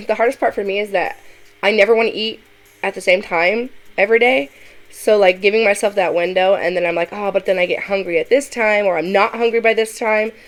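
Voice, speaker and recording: A woman's voice: mid-range voice, fairly even intonation, brisk. Emphatic woman commentator giving opinions. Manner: emphatic, opinionated, acts out quoted remarks. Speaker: commentary host. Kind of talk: reaction commentary.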